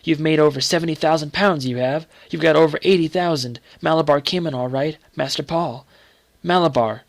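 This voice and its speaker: A man reading a story aloud and voicing a deferential working-class gardener who speaks in a hushed, near-whispered voice. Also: on the high side, fairly quick, vocal fry, no echo.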